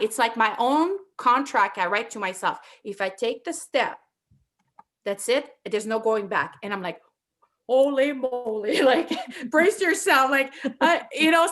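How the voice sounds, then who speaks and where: A woman with a thick French accent, co-hosting a casual chat and telling animated, self-deprecating stories. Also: on the high side, normal speed. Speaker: podcast co-host.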